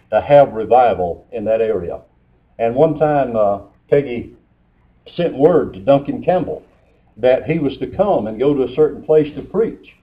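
A man preaches a sermon with a folksy storytelling manner, quoting scripture as he goes. His voice sits at an ordinary middle pitch. The recording is thin and tinny, like a phone line.

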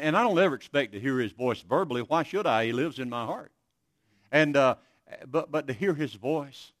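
An earnest male preacher delivering a sermon, speaking at a middle pitch. He tells stories in a halting way, often restarting his phrases. The sound is dry and close. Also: no echo. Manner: earnest, storytelling with many restarts.

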